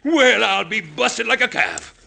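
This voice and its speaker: A jumpy con man pitchman, high voice. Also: lively intonation, creaky, bright, forceful tone, exaggerated voice. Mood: nervous. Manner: stammering, nervous, fast-talking. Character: nervous con man, medicine show pitchman. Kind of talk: 1950s radio drama acting.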